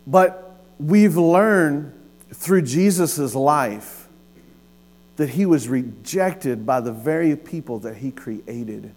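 Male pastor, fairly high voice, energetic storytelling sermon, faint hum behind. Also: slow pace. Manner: storytelling, animated with laughs and acted-out quotes.

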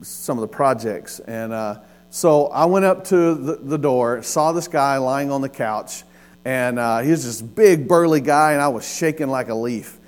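A man, preaching a sermon and telling a personal story with lively, acted-out dialogue. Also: mid-range voice, measured pace. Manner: storytelling, animated with laughs and acted-out quotes. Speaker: pastor.

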